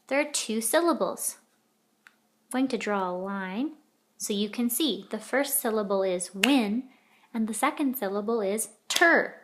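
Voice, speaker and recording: A woman's voice: on the high side, fairly bright tone. A woman teaching a children's editing lesson, patiently sounding out letters and words.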